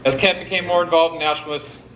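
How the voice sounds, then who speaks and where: A man's voice: fairly high pitch, fairly even intonation, quick pace, a bit bright, a little hiss or hum. Jokey man telling a history talk. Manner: jokey, directs audience volunteers. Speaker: event speaker. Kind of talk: informal historical talk to a live audience. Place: pub event room. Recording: echoey room recording.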